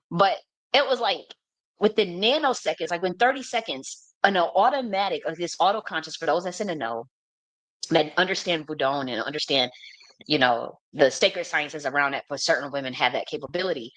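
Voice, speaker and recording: Her voice sits low and her pace is moderate, with no room sound on the recording. This spiritual reader and teacher spins a rambling, lively personal tale, cursing without hesitation and laughing a lot.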